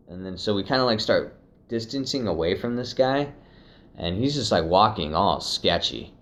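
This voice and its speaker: A young man casually telling a personal story, profane and animated, slipping into acted quotes. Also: low voice, moderate pace. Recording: dull lo-fi recording.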